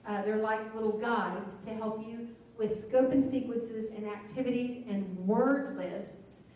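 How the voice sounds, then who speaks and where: A woman's voice: on the high side, steady tone, unhurried, darkish tone. A woman giving a chatty, demonstrative teacher-training talk. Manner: chatty, self-deprecating, demonstrative. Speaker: literacy trainer. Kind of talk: teacher workshop presentation. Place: meeting room. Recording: echoey room, voice from far off.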